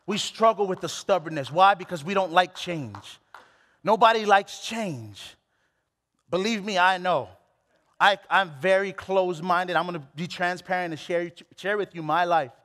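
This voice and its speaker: A man's voice: high-pitched, normal speed, fairly bright tone, in a large hall. A man preaching a sermon, candid and self-deprecating, often repeating phrases for emphasis. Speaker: pastor.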